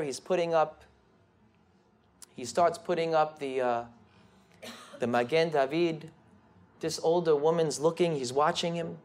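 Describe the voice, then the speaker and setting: A rabbi telling a story in a sermon, animated and building excitement. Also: male voice, a little high. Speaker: rabbi and speaker.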